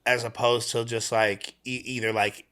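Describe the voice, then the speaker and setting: A man's voice: mid-range voice, flat delivery, normal speed, sharp tone, clean tone. A man from Melbourne with an Australian accent, chatting casually as a podcast guest and swearing freely among lots of filler words. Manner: laid-back, swears a lot, heavy on filler words. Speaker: podcast guest, rapper and producer.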